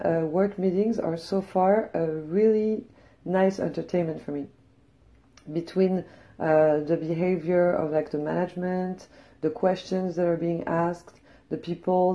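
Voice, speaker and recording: A young woman with a French accent, hoarse after losing her voice, chatting casually and bluntly as host of her podcast. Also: fairly low pitch, warm tone. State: hoarse, recovering from lost voice. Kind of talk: casual chat.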